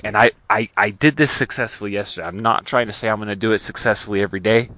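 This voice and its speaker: A man's voice: lowish voice, fairly bright tone. A man hosting a podcast, telling a personal story in an earnest, casual way with many restarts. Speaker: podcast host. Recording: dull lo-fi recording.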